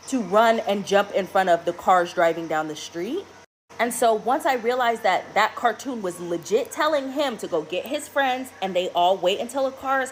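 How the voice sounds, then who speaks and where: A woman's voice: mid-range voice, a little hiss or hum, low-quality recording. Exasperated mother telling a story. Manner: animated, exasperated retelling. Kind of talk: storytime video.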